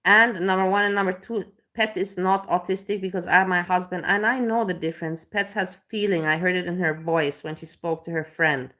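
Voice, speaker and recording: A woman's voice: on the low side, steady tone, a little fast, hardly any pauses, sharp tone. Emotional swearing woman streamer. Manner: swears often, gets worked up and emotional. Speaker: live streamer. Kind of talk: casual reaction chat.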